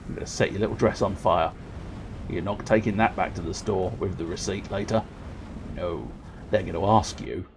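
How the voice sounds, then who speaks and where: A man's voice: on the low side, gravelly, darkish tone, slight background noise. A man streaming video games, chatting casually in a playful, rambling way and joking to himself. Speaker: game streamer. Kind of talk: casual gameplay commentary.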